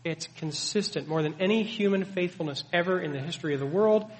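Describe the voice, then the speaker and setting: A man's voice: high-pitched, quick pace. A man preaching a sermon, teaching earnestly and emphatically with many rhetorical questions. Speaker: pastor. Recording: long hall reverb.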